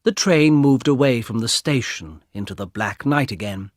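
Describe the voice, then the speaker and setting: A man narrating an audiobook of a graded reader, in a slow, clear storytelling manner. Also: mid-range voice, expressive, no room sound, studio quality.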